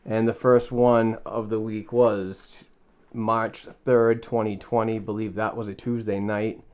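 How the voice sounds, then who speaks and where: A man hosts a podcast, in a somewhat low voice. He talks casually and haltingly, repeating words and filling gaps with ums. He records in a small home studio. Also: little pitch movement, darkish tone, clean tone. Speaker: podcast host. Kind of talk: casual chat.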